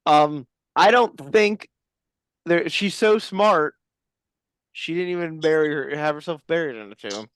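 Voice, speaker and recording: A comedy podcast co-host chatting in a deadpan, rambling way full of tangents. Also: medium pitch, a little slow, clean tone, dry recording. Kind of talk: casual comedic chat.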